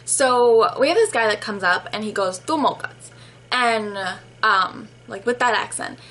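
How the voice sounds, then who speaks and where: A woman's voice: a little high, measured pace, a bit bright, rough recording. A young woman telling casual stories about her barista job, chatty and full of fillers. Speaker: vlogger and barista. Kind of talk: casual storytelling.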